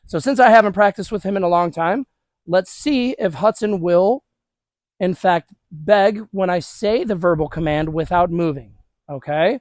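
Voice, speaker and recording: A man's voice: high-pitched, moderate pace, a little mellow, no echo. A man working as a dog trainer, casually talking viewers through a hands-on demonstration with his dog outdoors.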